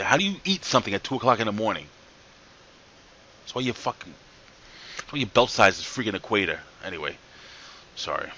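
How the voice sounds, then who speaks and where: Speaking with a fairly low, pushed and bright voice over slight background noise, a man gives a casual, rambling recap of a wrestling show. He jokes, swears, ribs and questions someone off camera, and sounds tired from working late at night.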